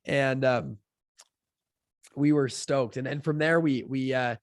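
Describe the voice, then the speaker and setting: A man's voice: medium pitch, takes it slowly, no echo. Young man, podcast guest; talky, filler-heavy storyteller; dry close sound. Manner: chatty, filler-heavy, acts out quotes with lively voices. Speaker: podcast guest, fund founder. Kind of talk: casual storytelling in an interview.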